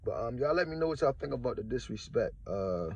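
A man's voice: mid-range voice, animated, brisk, breathy edge, lo-fi sound. A man hosting his own vlog, talking casually in heavy slang with lots of "bruh" and "like", sounding fed up. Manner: laid-back slangy talk with "bruh" and "like" fillers; frustrated, exasperated. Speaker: vlogger.

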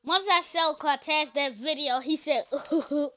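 A woman streamer plays out silly skits in a high, bright voice. She talks slowly between loud, playful shouts. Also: a little hiss or hum. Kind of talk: comedic skits with character voices.

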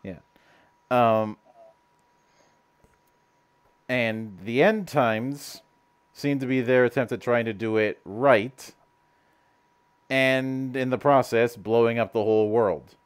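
A male host talking in a loose, chatty podcast style. He rambles and trips over his words, restarting phrases and stammering repeats as he goes. His pitch sits in a plain middle range for a man. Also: slow pace, clear, resonant tone. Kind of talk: casual podcast chat.

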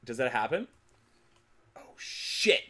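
A man hosting a casual gaming video, narrating his play with frequent swearing, laughter and frustrated shouts. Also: medium pitch, very animated, takes it slowly, husky. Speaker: gaming channel host. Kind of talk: casual let's-play commentary.

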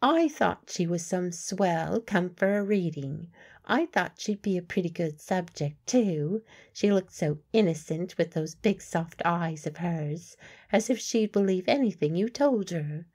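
A woman's voice: lowish voice, expressive, measured pace, a little mellow. A woman narrator voicing a guarded, blunt working-class woman medium in an audiobook.

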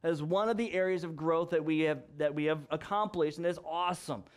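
Pastor, male, high-pitched, conversational sermon delivery, animated storyteller who does the voices. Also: a little fast, smooth. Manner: animated storytelling, acting out dialogue, frequent laughs.

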